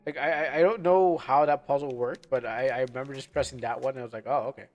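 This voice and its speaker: A man's voice: medium pitch, steady tone, fast talker, darkish tone, highs cut off, faint music behind. A man streaming a game live, chatting casually and rambling as he loses his train of thought. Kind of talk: casual live gameplay commentary.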